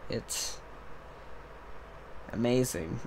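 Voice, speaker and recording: A man's voice: mid-range voice, extremely slow, darkish tone, slight background noise. A young man hosting a podcast, talking in a rambling, casual monologue that keeps trailing off and restarting. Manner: rambling, trailing off, self-interrupting. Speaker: podcast host.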